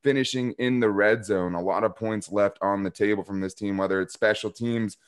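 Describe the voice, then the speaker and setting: A man's voice: on the low side, fairly even intonation, normal speed, smooth. A man laying out his points analytically as a podcast guest.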